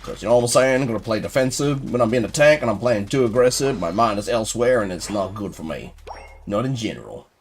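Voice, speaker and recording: Playing live, this young streamer talks in a lowish, expressive voice at a quick pace. He rambles playfully, keeping up a casual conversation with his viewers and responding to chat.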